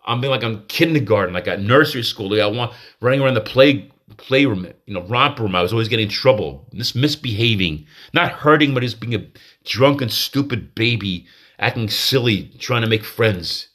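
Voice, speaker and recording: A man with a mid-range, fairly bright voice hosts a podcast, talking animatedly at a moderate pace. In a manic state, his confessional monologue rambles, full of restarts and self-interruptions.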